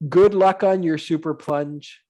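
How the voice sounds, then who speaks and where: A man from Canada hosts a podcast interview and keeps encouraging and praising his guest. His voice sits fairly high for a man. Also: unhurried, dark tone. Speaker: podcast host. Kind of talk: interview chat.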